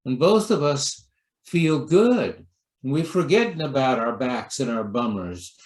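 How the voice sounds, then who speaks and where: A man pastor giving a sermon talk in a gentle storytelling manner, acting out quoted lines with lively voices. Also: mid-range voice, a little slow, echoey room.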